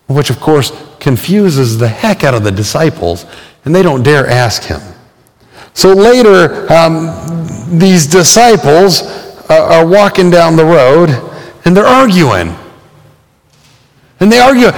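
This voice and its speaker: A man's voice: on the high side, big pitch swings, slow, long reverb tail. A man preaching a sermon as pastor, telling stories conversationally with frequent fillers and acting out the voices he quotes.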